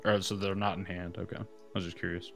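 A man's voice: low-pitched, level tone, quick pace, creaky, soft background music. A man playing a tabletop game, making dry jokes. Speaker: player.

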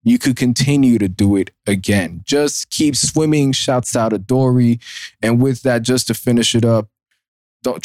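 A male podcast host riffs on his own in a casual, swearing, jokey manner, often breaking into laughter at his own lines. His voice sits at an ordinary middle pitch. The sound is dry and close, with no room echo. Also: dark tone. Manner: loose, profane and joking, laughs at his own bits. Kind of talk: solo podcast rant.

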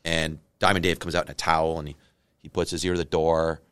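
A man from Canada, a film director being interviewed, telling stories in a lively way and acting out what people said. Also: a bass voice, fast, clean tone, no echo. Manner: animated storyteller, acts out quotes. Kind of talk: casual interview chat.

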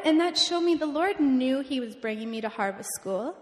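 A woman in her twenties, a missionary, telling a lively testimony to a church crowd and acting out the people in her story. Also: sits high, normal speed. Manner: animated storytelling, acts out the people she quotes. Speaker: missionary speaker. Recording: long reverb in a large hall.

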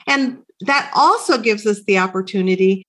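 A woman's voice: medium pitch, normal speed, fairly bright tone. A woman hosting an interview podcast, upbeat and encouraging toward her guest. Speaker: podcast host.

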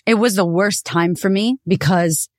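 A woman podcast host telling a personal story in a candid, animated way, with some swearing. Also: medium pitch, measured pace, no room sound, studio quality.

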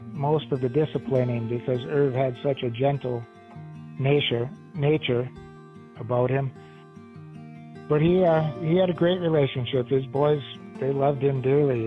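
A man, a deacon, recalling memories of someone he knew in a halting, restarting way. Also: mid-range voice. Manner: halting, many restarts and fillers. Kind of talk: interview recollection. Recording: tinny phone-like sound with faint music.

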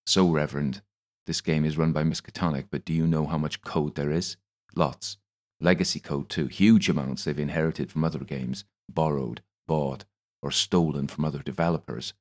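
A man's voice: very deep voice, steady tone, normal speed, a little mellow. Man voicing a wise formal apothecary. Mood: explaining. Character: wise, courteous male apothecary shopkeeper. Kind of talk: audiobook character voice.

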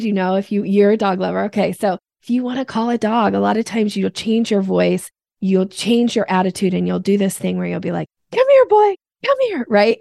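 A woman guest on a podcast, explaining sales steps in an energetic teaching manner. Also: medium pitch, creaky, no room sound, clean studio sound. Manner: energetic teacher, acts out voices in examples.

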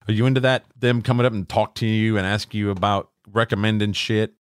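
A man's voice: lowish voice, little pitch movement, fairly quick, few pauses, clear, resonant tone, no echo, clean studio sound. A middle-aged man co-hosting a podcast, swearing freely as he rants and mimics people in casual chat. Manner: profane, ranting, acts out quoted voices. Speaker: podcast co-host.

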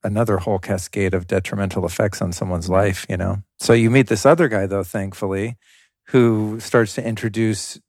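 A man's voice: on the low side, fairly even intonation, normal speed, darkish tone, no room sound, studio quality. A man hosting a podcast interview, asking thoughtful questions and searching for words. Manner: thoughtful, searching, many fillers. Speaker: podcast host. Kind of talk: interview conversation.

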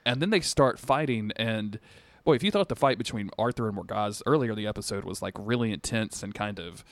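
A man with a low voice co-hosts a podcast, recapping an episode in loose, animated chat. He slips into the characters' lines and swears casually. The sound is dry and close to the mic. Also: a little fast, no echo. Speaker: podcast co-host.

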